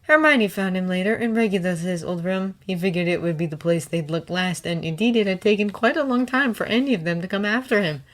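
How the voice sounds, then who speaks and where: A woman's voice: medium pitch, fairly quick, hardly any pauses. A woman reading a fanfiction story aloud as an audiobook narrator. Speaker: fanfiction reader.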